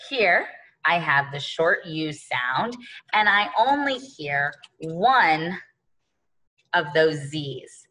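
A woman's voice: lowish voice, animated, drawn-out words, long pauses, bright, forceful tone, rough recording. A woman teaching an early-grade phonics lesson, patiently sounding out words letter by letter and speaking to the children as boys and girls.

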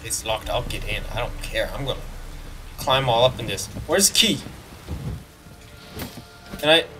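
A man giving casual, excitable commentary while playing a video game, joking and talking back to the game. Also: mid-range voice, unhurried, far from the mic, soft background music. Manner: excitable, jokey, talks to the game. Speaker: let's play gamer.

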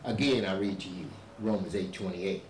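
A male pastor preaching a sermon, building to shouted emphasis and repeating himself to drive points home. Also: deep voice, normal speed, a little hiss or hum. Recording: echoey church hall, voice from far off.

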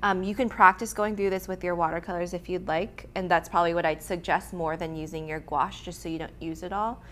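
A young woman hosting a casual art lettering tutorial, chatty and quick to laugh, with frequent ums and restarts. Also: lowish voice, steady tone, a bit bright, a little hiss or hum. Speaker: art instructor and host.

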